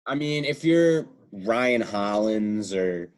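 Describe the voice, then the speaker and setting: Young male podcast co-host, lowish voice, excitable, profane, rambling banter. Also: slow. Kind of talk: casual sports podcast chat.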